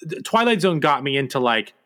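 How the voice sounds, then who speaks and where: A man chatting casually as a podcast co-host, with a bright, forceful tone. He rambles a little, pausing on ums and starting his sentences over. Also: a little high, sing-song. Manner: hesitant, many ums and restarts.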